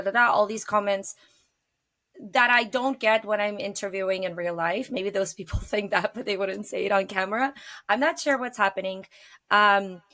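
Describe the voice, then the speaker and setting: A woman's voice: medium pitch, a bit bright. A woman guest on a podcast, chatting frankly and animatedly about dating. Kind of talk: casual chat.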